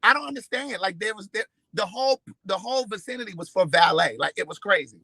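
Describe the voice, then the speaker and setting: A man with a high, very bright voice tells a story to his camera in an animated way, with plenty of profanity. He acts out the lines of each person in it. The sound is close and dry. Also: fast, vocal fry, husky, dry recording, low-quality recording. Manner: expressive, profane, acts out quotes with big swings in loudness. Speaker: vlogger.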